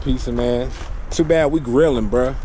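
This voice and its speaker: A man's voice: mid-range voice, moderate pace. A man vlogging casually to his camera while grilling in the backyard with his kids, chatty and teasing. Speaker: family vlogger and dad. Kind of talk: casual vlog chat to camera. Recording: outdoor noise with passing trucks.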